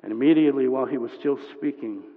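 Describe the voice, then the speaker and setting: A man preaching a sermon, telling stories and swinging from hushed asides to impassioned build-ups. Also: medium pitch, fast. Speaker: pastor. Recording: dull lo-fi sound, long hall reverb.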